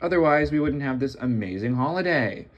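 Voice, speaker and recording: Young guy rambling wry game commentary, pitch all over the place. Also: animated, brisk, muffled recording. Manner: rambling, wry and self-mocking. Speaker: gaming video host. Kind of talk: casual gameplay commentary.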